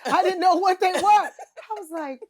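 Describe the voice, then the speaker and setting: A woman's voice: extremely high pitch, moderate pace. A woman, a singer and talk show host, telling candid stories as a podcast guest in a casual, slangy way, calling the listener honey and baby, often laughing and acting out what other people said. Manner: animated, laughing, acts out other people's words. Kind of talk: candid storytelling interview chat.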